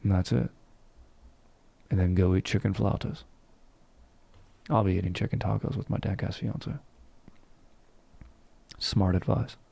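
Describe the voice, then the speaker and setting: A man's voice: low voice, fairly even intonation, measured pace, gravelly, pauses often, dark tone, husky. A man hosting a casual comedic history show, rambling and slangy, cursing freely. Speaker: history podcast host.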